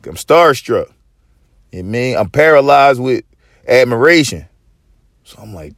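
A man in his thirties or forties hosting a podcast, telling a story in casual chat with a profane, swaggering, animated manner. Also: mid-range voice, normal speed, long pauses, no room sound, studio quality. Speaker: podcast host.

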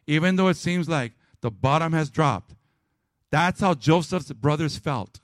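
A male pastor preaching a sermon to his congregation, rising to loud emphatic peaks and dropping to a quiet, low prayer. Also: gravelly, no room sound, studio quality. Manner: calls out to the congregation.

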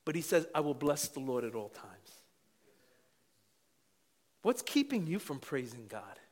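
A middle-aged man preaching a sermon with passion, dropping to quiet asides and then rising to shouts. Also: a little high, big pitch swings, unhurried. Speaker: pastor.

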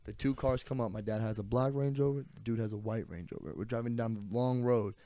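A young man on a podcast tells a long story in a relaxed, middle-pitched voice. He swears freely and bounces into character for each quote. The sound is close and dry. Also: fast talker, no echo. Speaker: podcast co-host. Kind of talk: casual chat, storytelling.

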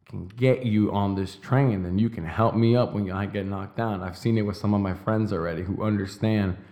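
A young man hosting a podcast, delivering an intense, emphatic motivational monologue full of profanity and slow, stressed declarations. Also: fairly low pitch, a little mellow. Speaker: podcast host.

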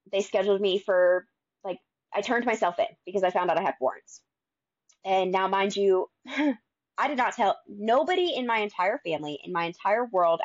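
A young adult woman telling her own story casually, acting out quoted conversations with lively shifts. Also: on the low side, no room sound, lo-fi sound. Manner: animated, acts out quoted dialogue.

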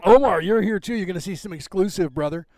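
A man hosting a casual livestream, rambling and interrupting himself while he fixes his screen share, clearing phlegm from his throat. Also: sits high, fast talker, a little mellow. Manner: rambling, self-interrupting while fixing tech. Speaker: livestream host.

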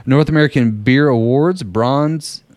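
A man's voice: mid-range voice, unhurried, a little mellow, dry recording. Laid-back cussing man telling stories. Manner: profane, laughing storyteller. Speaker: podcast co-host. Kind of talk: casual storytelling chat.

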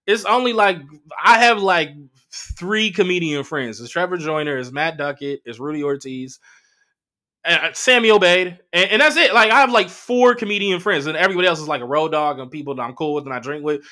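Brief: male comedian host, solo chat, a touch high, bright and punchy, swears freely. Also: a little fast. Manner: profane, animated storytelling with voiced quotes. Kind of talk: casual solo monologue.

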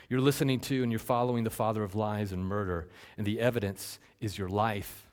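A male pastor preaching a sermon, asking rhetorical questions and swinging between loud emphasis and hushed, slowed lines. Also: fairly low pitch, fairly even intonation. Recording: long reverb from a large hall.

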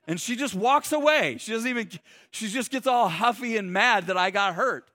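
A pastor with a high, bright, forceful voice preaches at normal speed in clean studio sound with no room sound. His sermon is loose, conversational, and humorous, full of jokes, frequent restarts, and lots of "like."

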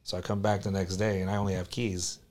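A man from South Florida, a collectibles store owner, telling a story as a podcast guest with lively acted-out quotes. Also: sits low, fast talker. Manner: animated, acts out quoted voices loudly.

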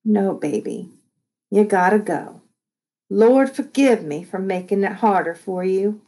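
A woman reading the lines of a large, warm foster mother who speaks softly in a folksy dialect. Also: mid-range voice, lively intonation, measured pace. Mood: gentle. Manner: soft, tender, folksy dialect.

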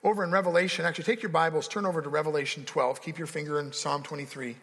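Preaching man with a gravelly voice. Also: a little high, fairly even intonation, racing, a bit bright, long reverb tail. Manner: preaching with rising emphasis and dramatic quoted voices. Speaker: pastor. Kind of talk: sermon.

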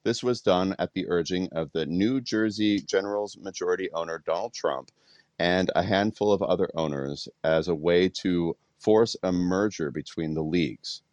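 Man host, very low voice, casual fact recap, dry. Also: normal speed, a little mellow, no room sound. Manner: reads facts with fillers and restarts. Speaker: podcast host.

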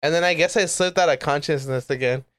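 A young man whose voice sits a little high, telling rambling stories and swearing a lot. The tone is smooth and clear, and the room is dead dry. He chats loosely with a friend. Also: fast talker, a bit bright, dry recording. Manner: loose storytelling, heavy swearing. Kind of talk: casual chat.

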